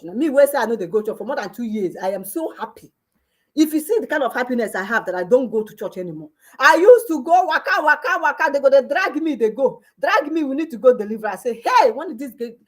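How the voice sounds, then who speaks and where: A woman with a Nigerian accent ranting in an emphatic, scolding way as a vlogger, mixing in pidgin and local phrases. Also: on the high side. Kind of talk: ranting commentary.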